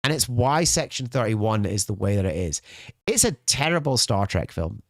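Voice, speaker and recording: A man's voice: lowish voice, very animated, normal speed, dry recording, studio quality. A man co-hosting a podcast in casual chat, ranting and repeating his words as he goes. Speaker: podcast co-host. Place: podcast studio.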